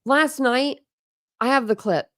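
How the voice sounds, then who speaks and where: A woman's voice: sits high, unhurried, a bit bright, no room sound, clean studio sound. A woman hosting a commentary channel, reacting to a clip with sarcastic, mocking asides.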